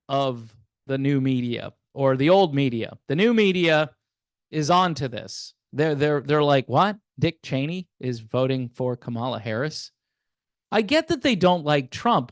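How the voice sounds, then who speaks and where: Clean studio audio without echo captures a man with a fairly high-pitched voice. In a conversational political commentary monologue, he addresses viewers directly, wry and sarcastic, with frequent chuckles.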